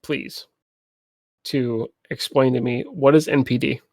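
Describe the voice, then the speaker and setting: A young man co-hosts a casual podcast at a middle pitch, swearing freely and acting out quotes in funny voices. His voice is close and dry, with no room sound. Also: takes it slowly, no echo. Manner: animated, swears a lot, acts out quotes. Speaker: podcast co-host. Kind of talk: casual chat. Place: home streaming setup.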